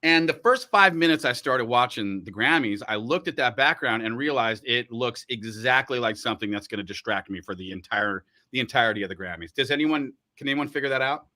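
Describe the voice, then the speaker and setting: A man's voice: medium pitch, a little fast, few pauses. A man hosting a casual livestream from a radio studio, joking and talking while he eats. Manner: animated, joking, talks while eating. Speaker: radio host.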